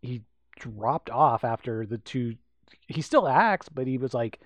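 A man's voice: medium pitch, expressive, a little slow, no echo. A man co-hosting a podcast, chatting casually about a film, rambling with lots of fillers and restarts. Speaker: podcast co-host.

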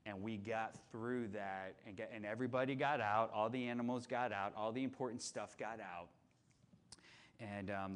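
A man preaching to his church, telling a personal story in a chatty, animated way with lots of fillers and restarts. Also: on the low side. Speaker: pastor. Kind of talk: storytelling sermon.

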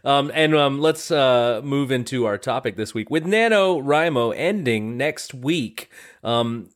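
A man's voice: mid-range voice, lively intonation, a little slow. A man co-hosting a writing podcast, a music teacher by trade, who talks in a casual, joking, self-deprecating way with many hesitations. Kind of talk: casual chat. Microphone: remote call mic.

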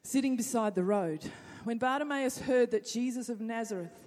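A woman preacher delivering a sermon, reading scripture and swinging from hushed asides to loud appeals. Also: fairly high pitch, moderate pace, long reverb tail.

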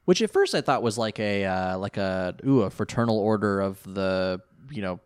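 A man's voice: on the low side, animated, moderate pace, clear, resonant tone, dry recording, studio quality. A man co-hosting a podcast, recapping an anime episode in casual, rambling chat full of fillers and laughs. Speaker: podcast co-host.

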